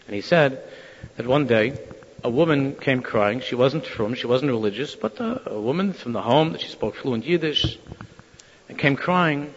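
A man telling a Hasidic story to listeners, acting out the quoted voices with lively shifts of tone. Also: mid-range voice, normal speed, slightly rough. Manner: animated, acts out quoted voices. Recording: dull lo-fi sound in a reverberant hall.

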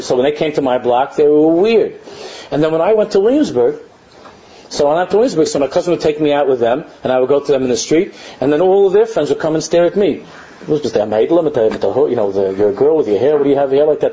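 Animated man lecturing on a religious text. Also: on the high side, lo-fi sound. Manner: animated, mimics mocking children, repeats phrases. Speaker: Torah teacher.

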